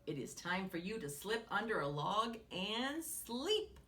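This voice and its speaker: A woman's voice: mid-range voice, sing-song, measured pace, fairly bright tone, recorded from a distance. A woman voicing a well-fed, sleepy woodchuck who talks with a content sigh. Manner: sighing, content.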